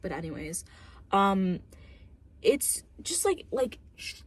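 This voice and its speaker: Venting about a film straight to camera, this young adult reviewer sounds exasperated, curses, and fills her speech with "like." Her mid-range voice is breathy, moves slowly, and swings widely in pitch.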